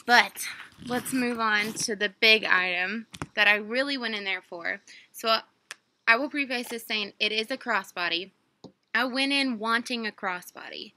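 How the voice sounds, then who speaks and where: A woman's voice: on the high side, pushed and bright, a little hiss or hum. A young woman, rambling through a casual unboxing story full of fillers and quoted dialogue. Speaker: vlogger.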